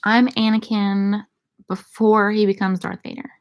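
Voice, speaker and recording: A woman's voice: mid-range voice, level tone, a little slow, clear, resonant tone. A young woman in casual Q&A chat, answering viewer questions with irreverent, profane, laughing banter. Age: young adult.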